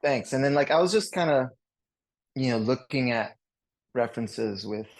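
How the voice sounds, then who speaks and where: A man in his forties with a French Canadian accent, a guest chatting casually on a podcast in a rambling, relaxed way. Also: mid-range voice, moderate pace, no echo. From Canada, Montreal. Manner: rambling and relaxed, many fillers and restarts.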